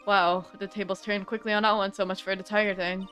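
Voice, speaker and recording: A woman's voice: medium pitch, level tone, a little fast, hardly any pauses, fairly bright tone, soft background music. A woman streaming a game, making jokey, offhand asides. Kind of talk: casual gameplay commentary.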